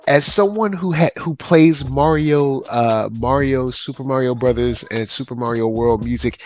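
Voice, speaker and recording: A man co-hosting a casual podcast chat, relaxed and slangy. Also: mid-range voice, moderate pace, soft background music. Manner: relaxed, slangy, laid-back. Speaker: podcast co-host.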